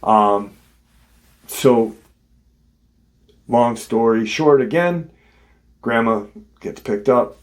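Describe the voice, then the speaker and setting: Slow, low-voiced man retelling a story. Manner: unscripted, many ums and restarts. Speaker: host of a paranormal encounter channel. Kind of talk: casual spoken retelling of a listener's story.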